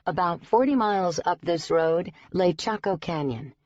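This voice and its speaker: A woman reading a first-person audiobook in a steady, even storytelling delivery. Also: lowish voice, moderate pace, no room sound. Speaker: audiobook narrator. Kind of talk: scripted first-person narration. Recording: dry, slightly dull recording.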